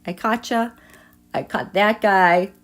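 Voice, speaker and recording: A woman hosting a live tarot reading who talks straight to her viewers and swings between hushed asides and excited outbursts. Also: medium pitch, takes it slowly. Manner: chatty, addresses viewers directly. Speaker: tarot reader and livestream host.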